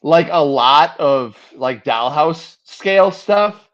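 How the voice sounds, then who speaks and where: A man explaining his toy scenes on a casual online call, halting, with many restarts and fillers. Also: a little high, lively intonation, highs cut off. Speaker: guest showing his toy diorama.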